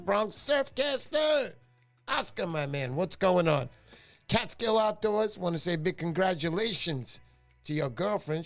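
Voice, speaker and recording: A middle-aged man hosting a casual livestream, joking and greeting viewers by name. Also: high-pitched. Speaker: livestream host.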